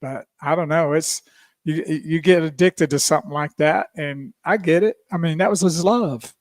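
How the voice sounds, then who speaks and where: Co-host Texas yang santai dan sering tertawa. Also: male voice, on the high side, normal speed, dry recording, clean studio sound. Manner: easygoing, laughs often. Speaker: radio show co-host. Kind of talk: casual radio chat.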